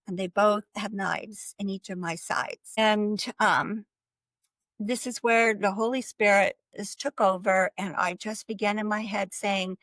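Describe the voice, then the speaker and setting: A woman giving a personal faith testimony as a guest, talking in an earnest, halting way with restarts and light laughs. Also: mid-range voice, fairly even intonation, fairly bright tone, no echo, low-quality recording. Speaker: guest sharing her life story.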